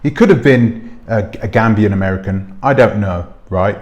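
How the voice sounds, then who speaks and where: A man's voice: on the low side, moderate pace, a little mellow. A man hosting his own commentary channel, talking casually to camera on a clip-on mic, rambling and asking his viewers rhetorical questions. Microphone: clip-on microphone.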